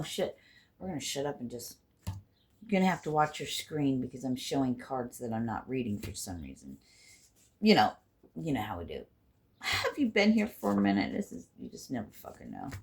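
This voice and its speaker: A woman giving a casual spiritual card reading to her viewers. She rambles and swears freely, and swings between loud bursts and hushed asides. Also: low-pitched, creaky. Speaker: intuitive card reader and healer.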